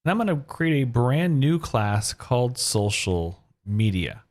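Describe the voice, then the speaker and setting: A man's voice: medium pitch, very animated, measured pace, darkish tone. A man hosting a web design tutorial, talking through each step of his code as he types it. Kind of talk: screen-recorded coding tutorial.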